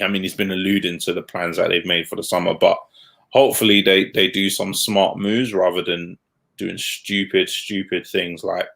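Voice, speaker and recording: Casual male co-host, low gravelly voice, blunt and quick to laugh. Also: a bit bright. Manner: blunt, laughs at his own points. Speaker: podcast co-host. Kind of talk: casual football chat.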